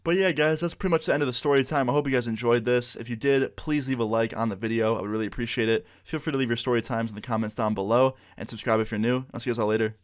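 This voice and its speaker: A man's voice: mid-range voice, very fast, hardly any pauses, smooth. Chatty young man telling a storytime. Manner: relaxed, chatty, heavy use of "like"; acts out dialogue with quotes. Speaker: vlogger. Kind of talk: casual storytime.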